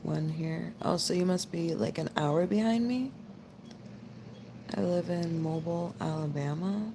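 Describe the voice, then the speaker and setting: Low-voiced woman chatting on a live stream. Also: measured pace, noisy background. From United States. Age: 20s. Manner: rambling, relaxed, lots of "like" fillers. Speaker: livestream host. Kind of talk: casual live chat with viewers.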